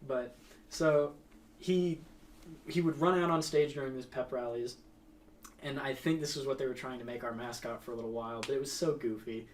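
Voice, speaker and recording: A man's voice: mid-range voice, moderate pace, slight background noise. A young man telling a rambling, laughing story in casual chat, swearing freely.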